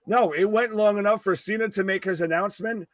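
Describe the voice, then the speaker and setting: Profane, excitable man on a live stream. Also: sits high, brisk, dry recording. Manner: profane, excitable, talks over others. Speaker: co-host. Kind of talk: casual live wrestling commentary.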